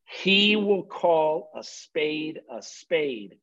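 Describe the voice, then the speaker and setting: A man's voice: on the high side, lively intonation, extremely slow, a bit bright, highs cut off. A man hosting an interview, talking in a loose, rambling way and correcting himself as he goes. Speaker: host. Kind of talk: conversational radio interview.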